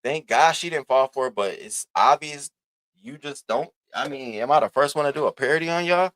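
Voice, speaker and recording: A man's voice: a little high, a little fast, a bit bright, no echo. A man hosting a live stream, giving sassy, profane commentary and calling out viewers in the chat by name. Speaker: livestream host.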